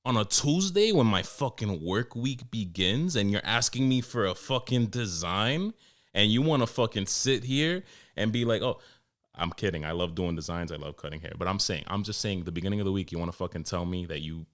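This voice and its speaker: A young man, hosting a podcast and ranting in a profane, animated way, acting out his customers. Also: fairly low pitch, fairly quick. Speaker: podcast host and barber. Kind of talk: casual solo podcast rant.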